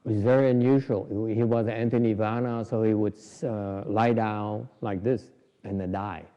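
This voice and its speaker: In a dull lo-fi recording from a reverberant hall, a Buddhist meditation teacher jokes his way through an informal dharma talk on meditation, restarting many times. His voice sits on the low side, steady in tone, at a moderate pace.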